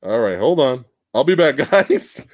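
A young man hosting a casual movie review livestream, excitedly acting out scenes, laughing and swearing as he talks. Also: medium pitch, a little slow, dry recording, studio quality. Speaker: host of a movie review stream. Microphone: home streaming setup with camera.

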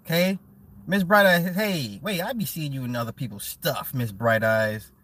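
A man's voice: on the high side, moderate pace, a bit bright. A man streaming live and reading chat messages, talking casually in blunt, profane banter with frequent laughs, repeating words for emphasis.

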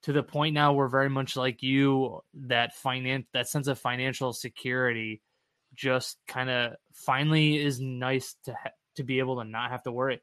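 A man co-hosting a casual podcast about real estate, animated and candid, acting out his past self and swearing freely. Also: mid-range voice, normal speed, clean tone, no room sound.

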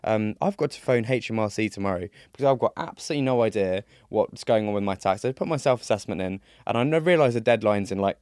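A man's voice: lowish voice, expressive, fast, hardly any pauses, darkish tone, dry recording, clean studio sound. A young British man speaking earnestly as a podcast guest on mental health, with frequent fillers and restarts. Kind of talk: casual conversation.

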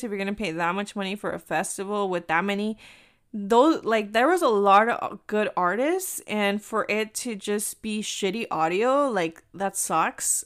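A woman's voice: mid-range voice, a bit bright, smooth. Chatty young woman venting with lots of "like". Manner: chatty, heavy use of "like", swears freely; laughs often while telling the story. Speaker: vlogger. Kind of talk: casual storytelling to viewers.

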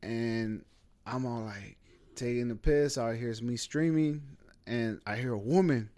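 Man in casual chat, storyteller, profane, filler-heavy, mid pitch. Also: unhurried, dark tone. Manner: loose, profane, filler-heavy, says bro a lot.

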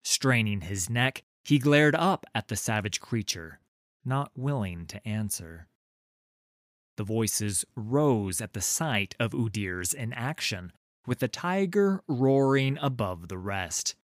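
A man reading a fantasy story aloud in a measured, deliberate way. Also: mid-range voice, expressive, no room sound, clean studio sound. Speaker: narrator. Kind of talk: scripted fantasy narration.

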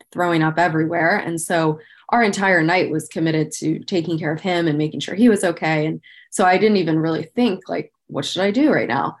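A woman in her thirties, a podcast guest, telling a personal story candidly and earnestly, with frequent "like" fillers and a strong sense of emotion. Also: deep voice. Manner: speaks about painful memories with visible emotion.

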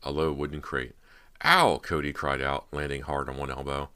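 A man narrating a horror audiobook in an even, measured way. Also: very deep voice, smooth.

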